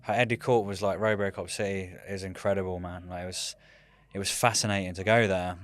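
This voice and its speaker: A man in his thirties, a military veteran guest, telling rambling, animated stories in casual chat and often saying "mate". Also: low-pitched, fast talker. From United Kingdom.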